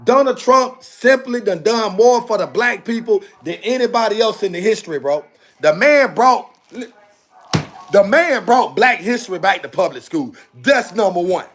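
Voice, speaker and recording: Man, high-pitched voice, heated livestream rant, repetitive, phone or webcam mic. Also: animated, moderate pace, fairly bright tone, soft background music. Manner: heated, repetitive, addresses viewers as bro. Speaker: livestream host.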